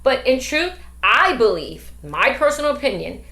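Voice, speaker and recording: A woman's voice: high-pitched, big pitch swings, moderate pace, pushed and bright. A middle-aged woman and grandmother, a podcast host talking emphatically with many rhetorical questions. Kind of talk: casual discussion. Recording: echoey room.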